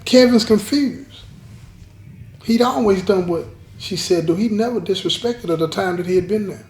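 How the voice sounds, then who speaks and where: Emphatic male storyteller, higher voice. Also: normal speed, a little mellow, a little hiss or hum. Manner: emphatic, repeats lines, addresses audience. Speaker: storyteller host. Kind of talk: dramatic storytelling to viewers. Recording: roomy echo.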